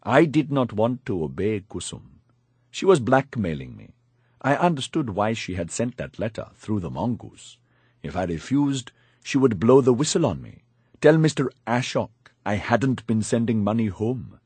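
A man's voice: lowish voice, sing-song, moderate pace, a little mellow, breathy edge, no room sound. A man narrating a first-person audiobook in a wry, confiding storytelling manner, on a close studio mic.

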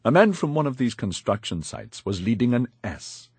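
A man's voice: mid-range voice, very animated, normal speed, darkish tone, breathy edge, no echo. A man narrating a first-person audiobook in a wry, confiding storytelling manner, on a close studio mic.

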